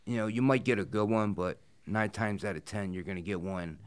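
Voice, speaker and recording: Gruff deep-voiced man, blunt and profane. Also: brisk. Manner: blunt, profane storytelling with frequent fillers. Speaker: professional wrestler, guest. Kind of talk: casual interview talk. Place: studio interview set.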